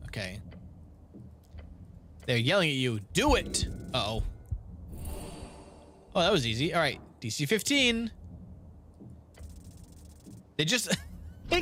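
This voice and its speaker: A man's voice: a little high, huge pitch swings, slow, pauses often, pushed and bright, slight background noise. A young man playing a game on video, reading its text aloud and reacting with laughs and groans at failed rolls. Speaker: gaming video creator.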